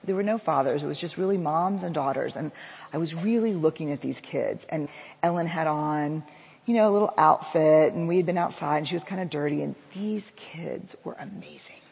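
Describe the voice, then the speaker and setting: A woman telling a personal story to an audience, lively and acting out the dialogue she quotes. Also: sits low, fairly quick, vocal fry, breathy edge. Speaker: public speaker. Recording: long reverb of a large hall.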